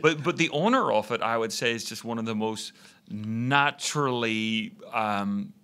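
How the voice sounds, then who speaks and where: A man's voice: mid-range voice, unhurried, bright, forceful tone, smooth. A man, a pastor co-hosting a casual chat, speaking thoughtfully with some hesitation. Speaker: pastor and podcast co-host.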